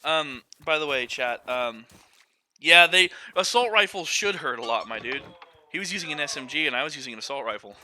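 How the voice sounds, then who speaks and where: A man streaming a shooter game, talking to his chat with profane, excitable outbursts and rambling explanations. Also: fairly high pitch, fairly quick. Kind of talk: live gaming stream commentary to chat.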